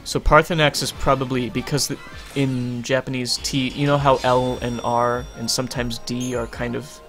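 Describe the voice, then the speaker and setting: A man's voice: mid-range voice, level tone, normal speed, fairly bright tone. Rambling young man on a game stream. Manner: rambling, full of fillers, swears casually. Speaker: livestream co-host. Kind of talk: casual chat during a game stream. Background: game music.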